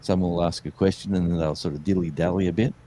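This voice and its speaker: A man with a low voice and a dark, relaxed tone, chatting as a guest. He tells his stories in a loose, rambling way, full of fillers and restarts. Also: fast, slight background noise. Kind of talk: casual storytelling chat.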